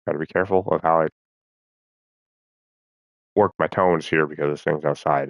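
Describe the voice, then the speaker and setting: Profane, rambling man with a very low voice. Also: fairly even intonation, normal speed, pauses often, no room sound, dull audio. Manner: rambling, profane, talks to himself. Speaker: vlogger. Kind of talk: rambling monologue to camera.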